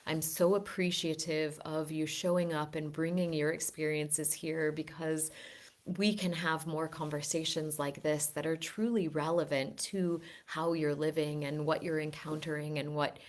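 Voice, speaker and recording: A woman with a deep, low-pitched voice talks through a reflective wellness lesson for her group. She is earnest and gently persuasive, often restarting her phrases as she thinks aloud. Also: level tone, unhurried. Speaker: wellness teacher. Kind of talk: reflective teaching talk.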